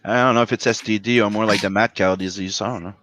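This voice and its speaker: A man's voice: fairly low pitch, fairly even intonation, fast, fairly bright tone, dry recording. A man hosting a livestream who reads viewer comments aloud in an offhand, casual way. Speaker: stream host reading chat. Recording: dry, slightly dull mic.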